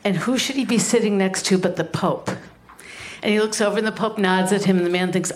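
A woman's voice: medium pitch, fairly quick. A woman doing stand-up, telling a joke while giggling. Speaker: stand-up comedian.

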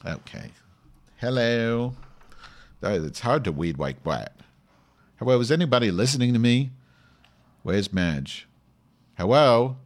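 In a comedic podcast monologue, a man plays a brash, short-tempered woman host who rants sarcastically and swears at listeners in an irritated mood. His voice is natural and medium-pitched, with lively intonation and an unhurried pace full of frequent pauses.

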